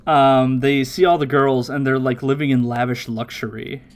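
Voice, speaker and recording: A man hosting a casual watchalong podcast, recapping episodes with lively, chatty energy. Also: mid-range voice. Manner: animated recapping with quick put-on quotes and laughs. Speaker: podcast host.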